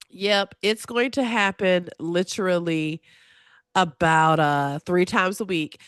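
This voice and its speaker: A woman hosting a solo podcast in a casual, chatty way, talking straight to her listeners with lively, expressive swings in her voice. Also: moderate pace, no echo, clean studio sound. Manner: animated and expressive, with big pitch swings; chatty and confiding, addresses listeners directly. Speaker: podcast host.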